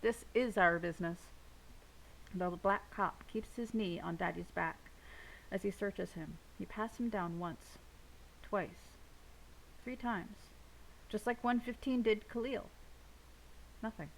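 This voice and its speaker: A woman reads a novel aloud in a steady first-person narrating voice. Her tone has a noticeable gravelly grain, and a faint hiss sits under the recording. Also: medium pitch, takes it slowly, long pauses, low-quality recording. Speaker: audiobook reader.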